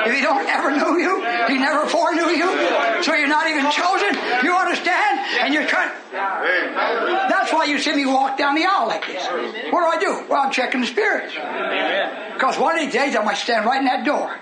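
An older man preaches in a strikingly high voice, folksy one moment and shouting with fervor the next. His sermon echoes through a hall, and a congregation murmurs behind him. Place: church meeting hall.

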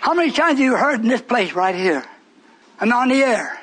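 A man's voice: very high-pitched, big pitch swings, normal speed, a bit bright. A man preaching a sermon to a live congregation, teasing and questioning them in call-and-response. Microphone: broadcast on shortwave radio.

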